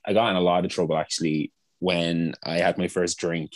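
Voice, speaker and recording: A man's voice: low-pitched, flat delivery, a little fast, no room sound. Laughing man telling stories. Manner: rambling, laughs often, restarts. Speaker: guest. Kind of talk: casual storytelling chat.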